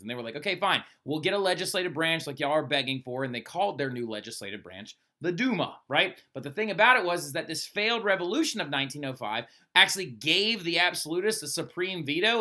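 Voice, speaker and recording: A man gives a recorded classroom lecture. His voice is bright and sits a bit high, and his pitch swings widely as he talks. He keeps it conversational and checks in with "right?" after almost every sentence. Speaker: history teacher.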